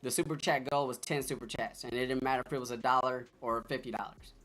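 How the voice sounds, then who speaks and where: A man's voice: medium pitch, fairly even intonation, quick pace, fairly bright tone. A man hosting a stock trading livestream, talking loosely and straight to his viewers in casual chat.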